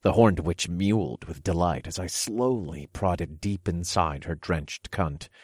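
A man narrates a first-person adult story in a low, commanding way. His voice is very deep and husky. The recording is close and dry, with no room sound. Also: unhurried, darkish tone, no room sound.

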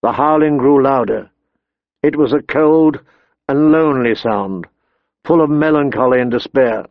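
A man narrating an audiobook in a measured, expressive storytelling voice. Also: medium pitch, dry recording. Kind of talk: scripted narration. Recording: dull dry recording.

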